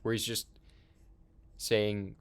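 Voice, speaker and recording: A man's voice: lowish voice, level tone, slow, clean tone. A young man hosting a casual film talk, rambling with fillers and laughs. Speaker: podcast host.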